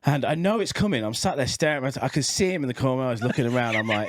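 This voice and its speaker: Animated man telling stories. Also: mid-range voice, fast, few pauses, dry recording. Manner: animated, laughs often, swears. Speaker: podcast co-host. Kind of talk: casual storytelling chat.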